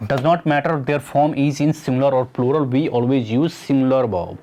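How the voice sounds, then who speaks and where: A man's voice: mid-range voice, moderate pace, mellow, slight background noise. A man teaching an English grammar lesson, explaining step by step and repeating key points as questions to students. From Nepal. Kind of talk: exam-prep grammar lesson.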